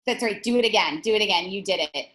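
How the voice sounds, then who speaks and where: A woman instructor teaching an online presentation workshop over a video call, speaking in a direct and energetic way with frequent restarts. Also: mid-range voice, quick pace, roomy sound, poor audio.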